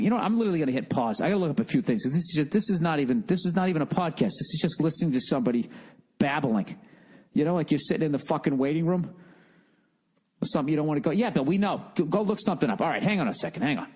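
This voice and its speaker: A man's voice: a little high, a little mellow, breathy edge. A middle-aged man with a Boston accent hosting a solo podcast, rambling in a profane, self-mocking and distracted way. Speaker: podcast host.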